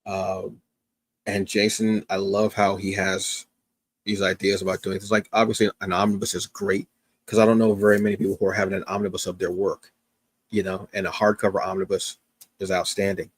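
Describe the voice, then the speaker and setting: Speaking briskly in a low, flat voice with a breathy edge, this comics review host has been awake since early morning and sounds tired. He's alone on his livestream, chatting casually and eagerly, full of fillers and restarts. The recording has no echo.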